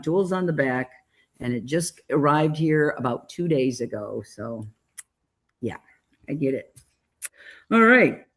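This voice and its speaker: A woman chairing a club meeting, chatty and a little hesitant as she introduces each role. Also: low voice.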